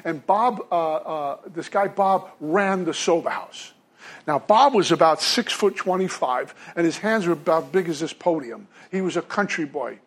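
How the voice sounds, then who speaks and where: A man's voice: a little high, expressive, moderate pace. Brooklyn-raised man telling his story. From Brooklyn, New York. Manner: storytelling, conversational, self-deprecating. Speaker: recovery speaker. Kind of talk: recovery talk at a podium. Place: meeting hall with a podium.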